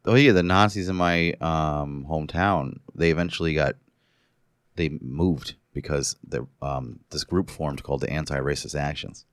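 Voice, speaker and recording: A man's voice: very deep voice, moderate pace, smooth, no echo, clean studio sound. A man telling stories in a loose, profane casual chat, hungover today. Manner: loose, profane storytelling with laughs.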